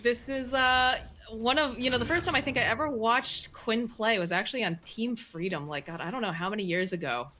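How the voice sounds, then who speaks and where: A woman giving lively, chatty play-by-play esports commentary on a headset, with quick reactions. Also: on the high side, background noise.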